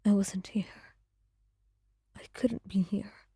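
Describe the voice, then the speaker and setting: A woman playing a commanding woman undone by fear, her soft, breathy whisper trembling as she pleads in whispered role-play. Slow, warm and close in a dry space. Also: mid-range voice, flat delivery, dry recording. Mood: desperate. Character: stern powerful woman, shaken and grieving.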